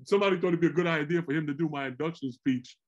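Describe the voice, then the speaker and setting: Middle-aged man, higher voice, animated storyteller, word repeats. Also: rapid-fire, highs cut off. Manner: animated, rambling, repeats words. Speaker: former pro basketball player, co-host. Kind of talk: casual storytelling chat.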